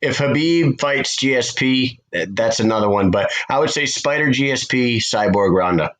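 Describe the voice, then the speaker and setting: A man hosting a podcast, chatting casually and telling a profane, animated story. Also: mid-range voice, normal speed, low-quality recording. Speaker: podcast host.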